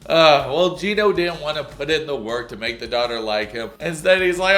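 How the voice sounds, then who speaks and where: A man doing a comedic recap of a TV show, sarcastic and mocking, swinging between shouted jokes and low asides. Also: moderate pace, hardly any pauses. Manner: sarcastic, mocking, bursts into loud laughter; stand-up delivery, jumps between shouting and muttering. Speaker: video recap host.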